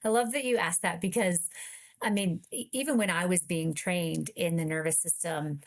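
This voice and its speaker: A woman's voice: on the low side, moderate pace. A woman therapist, a guest on a podcast, patiently explaining ideas step by step. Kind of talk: explanatory interview talk.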